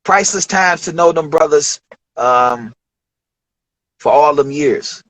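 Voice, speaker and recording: The audio is poor and has no room sound, carrying a man's fairly high-pitched, slow voice. He's a Detroit rapper and interview guest telling studio stories casually, an animated narrator who acts out quoted voices and swears freely.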